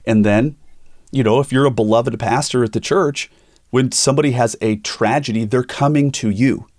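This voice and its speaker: In a studio-quality recording with no room sound, a middle-aged man speaks in a mid-range voice at normal speed. He's a pastor hosting a podcast, sharing personal stories candidly and animatedly while performing the voices of those he quotes.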